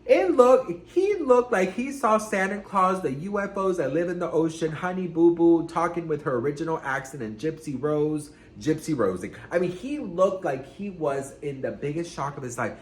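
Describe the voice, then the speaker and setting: Sassy gossip-vlog host, male, slightly high voice, in a roomy echoing space. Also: lively intonation, normal speed, hardly any pauses. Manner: sassy, dramatic, swears freely. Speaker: gossip vlogger. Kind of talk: casual celebrity gossip vlog. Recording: roomy room echo.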